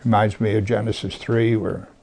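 A man with a gravelly, creaky voice preaches a sermon. He reads scripture and then comments on it, sometimes sinking to a soft, hushed tone to press a point home. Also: medium pitch, unhurried.

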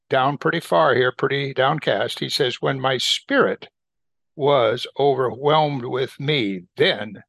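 A medium-pitched male voice with vocal fry and a slightly bright quality reads and explains Bible verses slowly. He teaches deliberately, repeating phrases for emphasis, and the recording carries no room sound.

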